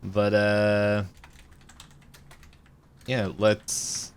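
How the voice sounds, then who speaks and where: A man co-hosting a podcast, going through wiki notes in casual chat with frequent ums and pauses. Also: fairly low pitch, monotone, smooth. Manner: hesitant, lots of ums while reading notes. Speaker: podcast co-host.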